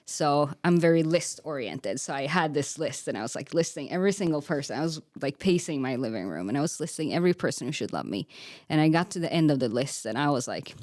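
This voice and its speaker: A woman's voice: sits low, animated, brisk, darkish tone, dry recording, studio quality. A young woman giving an earnest, candid personal faith testimony as a podcast guest, with frequent "like" fillers. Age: young adult.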